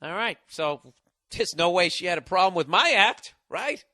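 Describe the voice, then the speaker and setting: Sarcastic, forceful man doing a podcast rant. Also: sits high, animated, moderate pace, no echo, clean studio sound. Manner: sarcastic, mocking and profane. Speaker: podcast host. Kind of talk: comedic podcast monologue.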